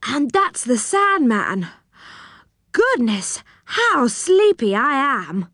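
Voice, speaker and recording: A woman voicing a drowsy, kindly little man in a storybook, drawn-out and sleepy. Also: high-pitched, big pitch swings, a bit bright, no echo, studio quality, pitched above the performer's own voice, heavily acted.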